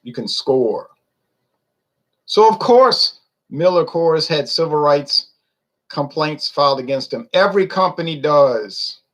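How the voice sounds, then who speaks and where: A man's voice: on the high side, animated, measured pace, fairly bright tone. A man ranting in a casual monologue, opinionated and rambling, full of rhetorical questions. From United States. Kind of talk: casual rant to camera.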